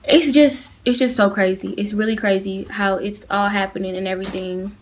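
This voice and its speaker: A woman's voice: medium pitch, steady tone, moderate pace, slight background noise. Earnest teen girl. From Atlanta, United States. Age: teenager. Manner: earnest and heated, talking straight to viewers. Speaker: vlogger. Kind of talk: casual opinion vlog. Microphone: phone camera.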